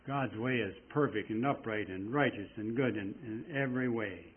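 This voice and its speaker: A man preaching a sermon in a folksy, rambling way, reading scripture slowly with strong emphasis. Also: lowish voice, a little hiss or hum. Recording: tinny phone-like sound.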